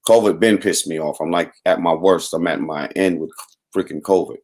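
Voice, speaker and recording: A deep-voiced man hosts a relaxed live morning chat show, his voice rough and hoarse from overuse. He rambles cheerfully, greeting viewers one by one and chatting off the cuff. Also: brisk. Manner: rambling, upbeat, giving shout-outs to viewers. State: hoarse, voice worn out. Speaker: host.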